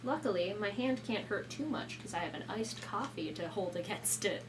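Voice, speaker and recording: A woman's voice: medium pitch, animated, normal speed, background noise. A young woman streamer in casual live chat who swears a lot, laughs often and scolds her cat between remarks. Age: young adult.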